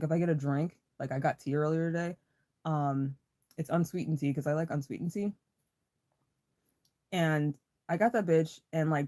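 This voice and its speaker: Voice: medium pitch, a little mellow. A livestream host in a casual, rambling chat, swearing freely and greeting viewers in chat by name with a playful laugh.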